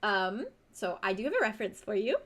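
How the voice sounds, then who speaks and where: A young adult woman serving as game master, narrating a tabletop game with unhurried, vivid scene-setting. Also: mid-range voice, sing-song, heavy background noise.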